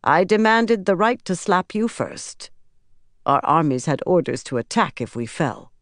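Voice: medium pitch, normal speed, fairly bright tone, no echo, clean studio sound, natural voice. A narrator voicing a proud queen who speaks firmly and defiantly. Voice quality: proud and firm.

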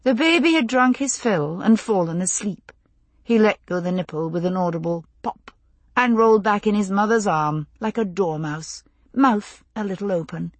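A woman reading an audiobook in an even, intimate storytelling manner, voicing the characters herself. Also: fairly low pitch, normal speed, dry recording. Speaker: audiobook narrator. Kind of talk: scripted narration.

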